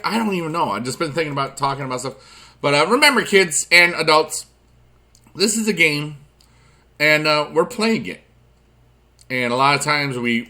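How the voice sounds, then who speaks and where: A man hosting a gaming channel, rambling through casual gameplay commentary and talking straight to his viewers with friendly advice, drifting from quiet asides to loud excited bursts. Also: a little high. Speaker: YouTube gaming channel host.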